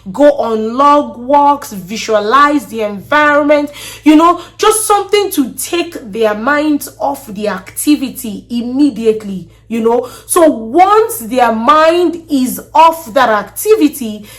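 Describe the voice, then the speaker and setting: An earnest woman with a slightly high voice hosts a talk on parenting advice. She repeats words as she thinks and often stops to check in with a quick "okay?". Her delivery is steady and instructive. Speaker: podcast host.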